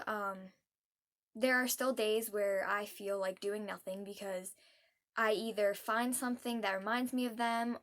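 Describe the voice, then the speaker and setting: A young adult woman vlogging heartfelt advice, earnest and soft-spoken, pausing often with hesitant ums. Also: mid-range voice.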